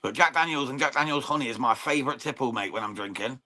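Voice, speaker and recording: Bright-voiced English lad commentating live. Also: male voice, medium pitch, quick pace. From England. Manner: chatty, informal, swears freely, says mate often, thanks viewers. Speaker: watchalong stream host. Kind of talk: live boxing watchalong commentary and chat with viewers.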